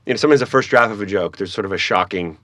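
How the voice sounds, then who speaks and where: A man's voice: on the low side, fast, bright, forceful tone, dry recording. A man from Canada, a stand-up comedian, chatting as a guest in an interview, often restarting his sentences with a self-deprecating tone. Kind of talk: casual interview chat.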